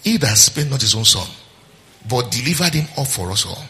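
A man's voice: mid-range voice, animated, a little fast, bright, forceful tone, in a large hall. A man preaching a sermon as pastor, calling on the congregation to answer and acting out quotes in different voices. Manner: preaching with call-and-response and acted-out quotes.

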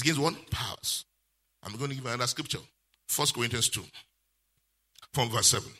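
A male pastor, preaching a sermon with lively call-and-response questions. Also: medium pitch, husky.

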